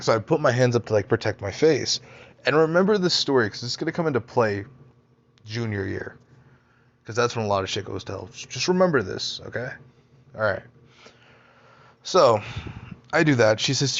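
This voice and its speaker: A man's voice: medium pitch, expressive, a little fast, dull audio. A young man casually telling personal stories, rambling, swearing a lot and interrupting himself. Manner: rambling, profane, self-interrupting. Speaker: storyteller, podcaster.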